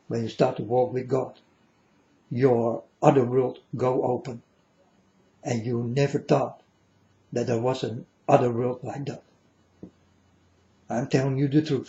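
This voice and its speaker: A man's voice: medium pitch, gravelly, mellow. A man giving an earnest, repetitive, preachy monologue to his listeners, whom he calls folks. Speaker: vlogger. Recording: dull lo-fi recording.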